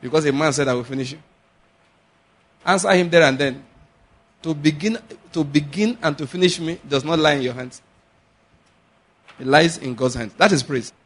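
A man preaching a sermon, animated, acting out little dialogues and slowing to a measured chant on scripture. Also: fairly high pitch. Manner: animated, acts out little dialogues and laughs often. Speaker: pastor.

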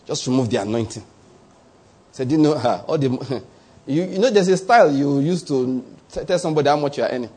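A Nigerian man preaching a sermon as pastor, lively and conversational, acting out small voices and often checking that the listener follows. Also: medium pitch, fairly quick, slightly rough.

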